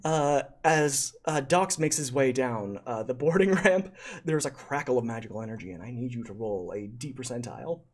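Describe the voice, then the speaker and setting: A game master narrating a tabletop game on a live stream, talking haltingly with many fillers and thanking donors. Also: mid-range voice, lively intonation.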